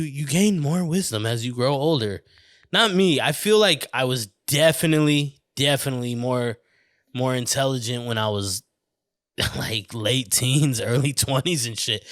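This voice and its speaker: A man hosting his own podcast, talking in a loose, rambling way that keeps drifting into tangents. He swears freely and keeps checking in with the listener. His voice sits at an ordinary pitch and sounds close and dry, with no room echo. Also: a bit bright. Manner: rambling, off on tangents, swearing, often saying "you know what I mean". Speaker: podcast host. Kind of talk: casual podcast chat. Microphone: studio mic on camera.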